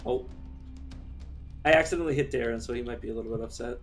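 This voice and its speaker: A man's voice: mid-range voice, fast talker, faint music behind. Chatty man streaming a game. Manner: chatty, rambling, swears casually. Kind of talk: casual gameplay commentary.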